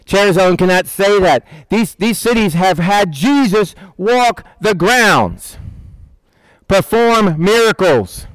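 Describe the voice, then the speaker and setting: An older man preaching as pastor, in an animated, conversational style with many asides. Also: high-pitched, takes it slowly, no echo, poor audio. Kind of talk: sermon.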